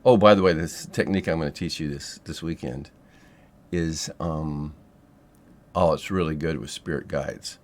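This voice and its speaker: A man teaching a spiritual technique in a loose, rambling monologue, swearing freely and filling pauses with ums and yeahs. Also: very deep voice. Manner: loose and profane, rambling with many fillers. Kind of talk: casual monologue to camera.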